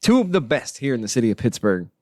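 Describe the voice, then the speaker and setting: A man hosting a podcast with a lively, bouncing voice that rises and falls a lot. He keeps things in easy, joking banter with the people around him. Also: mid-range voice, fast, dry recording, clean studio sound. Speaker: podcast host. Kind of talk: casual chat.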